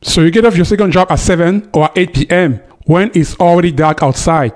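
A man's voice: fairly high pitch, a little fast. A man hosting a commentary video, talking straight to the viewer with emphasis. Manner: emphatic, addresses viewer directly. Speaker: host. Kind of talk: commentary monologue.

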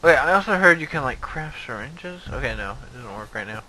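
Young man, let's play commentary, excitable, self-mocking, bright voice. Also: mid-range voice, brisk, low-quality recording. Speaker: gaming video host.

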